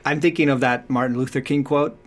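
A man talking earnestly about parenting in a relaxed conversation, acting out what parents and children say. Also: medium pitch, fairly quick. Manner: acts out quoted voices, thoughtful and earnest. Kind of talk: conversational advice talk.

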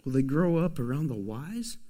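Man preaching with soft-to-loud swings. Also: a little high, sing-song, normal speed. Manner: swings from loud emphatic pushes to soft, hushed asides. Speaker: pastor. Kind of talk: sermon.

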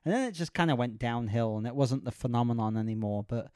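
A young man hosting a podcast in casual chat, playful and quick to laugh. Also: mid-range voice, mellow, clean tone, no echo, studio quality. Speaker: podcast host.

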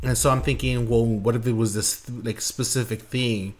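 A man's voice: mid-range voice, fairly even intonation, normal speed. A young man casually retelling creepy creature stories on a podcast, with lots of fillers, restarts and swearing. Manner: rambling, profane, lots of fillers. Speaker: podcast host. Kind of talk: casual storytelling chat.

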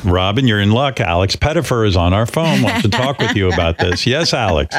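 A male radio host with a low voice, bantering and teasing with mock annoyance. His pitch swings widely as he reacts, from deadpan to incredulous. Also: a little fast.

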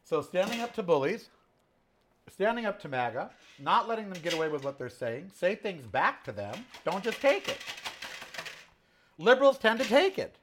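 A man's voice: sits high, big pitch swings, normal speed, fairly bright tone, a little hiss or hum. A sixty-year-old man hosting a casual home cooking show, chatting and giving sassy, opinionated asides while he works in his kitchen. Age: 60s.

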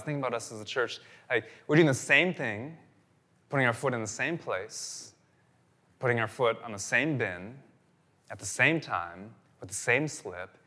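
A man preaching a sermon as a pastor, telling stories animatedly and repeating phrases for emphasis. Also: medium pitch. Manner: animated storytelling, repetitive phrasing.

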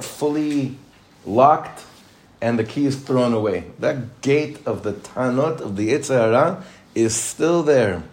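A man's voice: mid-range voice, a little mellow. A man, a rabbi, teaching a Torah class, probing his students with questions and mixing in Hebrew terms.

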